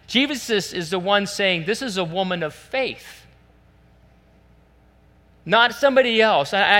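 High bright-voiced preacher in a reverberant hall. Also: male voice. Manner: animated, acts out quoted voices. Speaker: pastor. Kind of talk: sermon. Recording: long church hall reverb.

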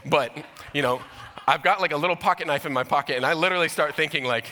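A man in his young adult years preaching a sermon, telling a story with animated asides and voiced impressions. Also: fairly high pitch, fairly quick, long reverb tail, slight background noise. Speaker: pastor.

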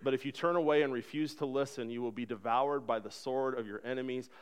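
Speaking fast in a steady, clear, resonant medium-pitched voice, this thirty-something pastor delivers a heartfelt, conversational sermon. He voices the characters in the stories he tells.

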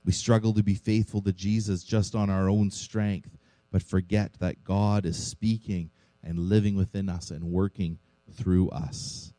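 A man's voice: deep voice, little pitch movement, a little slow, dark tone, dry recording, poor audio. A man preaching a sermon as pastor of a church, earnest, with rhetorical questions to his congregation.

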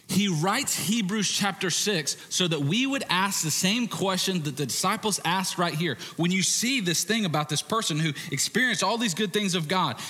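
Male pastor, slightly high voice, casual joking sermon, echoing church hall. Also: sharp tone. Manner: conversational, joking asides.

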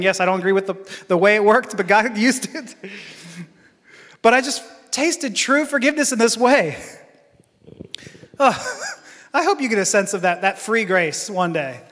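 A man telling an earnest personal story in a sermon, often pausing and restarting his sentences. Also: high-pitched, pushed and bright, long reverb tail. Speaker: preacher.

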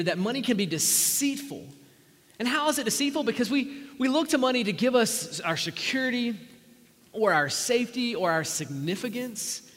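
A pastor preaching a sermon in an earnest, conversational way, sometimes dropping to a near whisper. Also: male voice, high-pitched, fairly bright tone. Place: church sanctuary. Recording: long church-hall reverb.

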